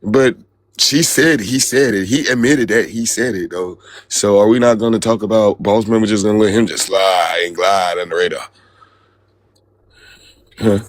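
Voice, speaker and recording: Man guest, casual chat, low-ish voice, indignant and pressing, dry close sound. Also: normal speed, no room sound.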